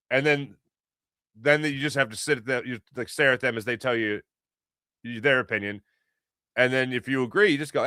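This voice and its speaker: A middle-aged man from Philadelphia hosting a casual sports talk show, telling animated stories and acting out voices. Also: medium pitch, moderate pace, smooth, no echo, studio quality. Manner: animated storytelling, acts out voices.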